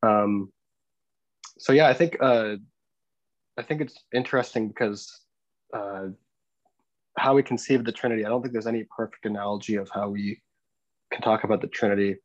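A man's voice: lowish voice, fairly even intonation, no echo, muffled recording. A young man co-hosting a casual podcast, explaining things hesitantly and restarting his sentences often. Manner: hesitant, many restarts and fillers, explaining slowly. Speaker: podcast co-host.

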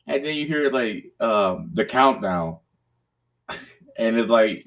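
A man hosting a casual podcast, rambling from one story to the next. He swears freely and laughs often, and loudly acts out his own raging outbursts. His voice sits at an ordinary middle pitch. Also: lively intonation, slow pace, long pauses, distant mic. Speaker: podcast host. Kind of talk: casual chat.

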